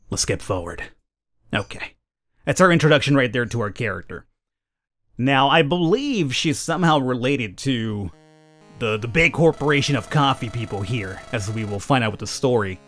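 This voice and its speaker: A man hosting a let's play, commenting on a game in an animated, joking way and laughing often. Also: medium pitch, normal speed, faint music behind. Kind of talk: gameplay commentary.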